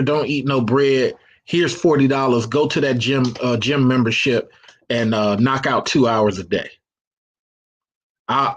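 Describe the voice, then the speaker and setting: A man's voice: medium pitch, husky. A man hosting a live call-in show, giving blunt, preachy dating advice in casual slang and reading out chat comments. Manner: casual slang, frequent restarts.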